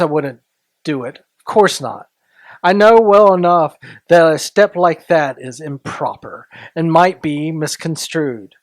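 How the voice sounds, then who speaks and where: A man hosting a story podcast, reading a classic tale aloud in a deliberate, sometimes hushed way. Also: on the high side, no echo. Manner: slow, deliberate, softening into hushed tones. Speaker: story reader and podcast host.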